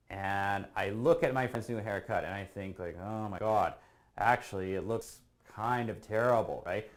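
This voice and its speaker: Over a video call, a man with a fairly low voice gives a casual online English lesson. He explains things patiently and often closes a point with a quick question to check in.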